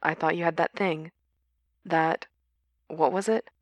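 A woman voicing a tired young man on the phone who talks softly and quietly, in a storybook reading. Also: sits low, fairly even intonation, measured pace, dry recording. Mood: sleepy.

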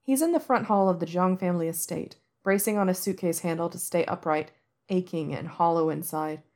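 Woman narrator, low-ish voice, soft and measured audiobook read. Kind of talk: audiobook narration of fan fiction.

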